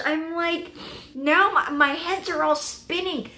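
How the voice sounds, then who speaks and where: Gushing, excitable woman reacting in an echoey room. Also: extremely high pitch, measured pace. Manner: excitable, gushing and exclamatory, thinking out loud. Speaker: TV show reaction reviewer.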